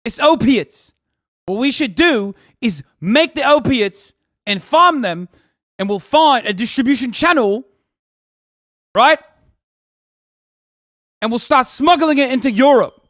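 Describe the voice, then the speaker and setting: A man mocking up a bragging male kingpin wannabe, pushed high and loud with a slow, swaggering drawl. He boasts like a self-styled hustle guru, every line a sales pitch. The recording is dry and close. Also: animated, no echo, full character voice. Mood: boastful.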